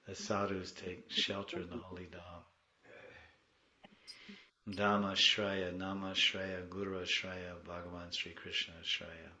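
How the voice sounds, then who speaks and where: A man giving a devotional class, moving between soft storytelling and loud, pleading prayers. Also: deep voice, roomy sound, highs cut off.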